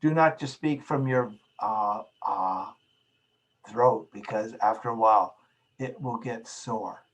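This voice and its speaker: A man's voice: lowish voice, slow pace, slightly rough, rough recording. Man teaching public speaking technique. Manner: instructive, demonstrates vocal techniques.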